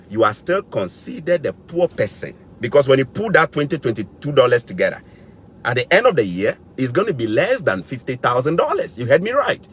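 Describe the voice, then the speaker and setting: In a fairly bright, mid-range voice with a breathy edge, a West African vlogger living in Canada talks straight to camera. He lectures his viewers emphatically, hammering the same points more than once.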